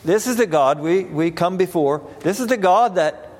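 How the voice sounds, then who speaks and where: A man preaches a sermon in a church, reading scripture in old-fashioned wording and circling back over his phrases. His voice sits fairly high for a man. It rings out with a long reverb, as in a large hall. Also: animated, moderate pace. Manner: reads scripture in King James wording, repeats phrases.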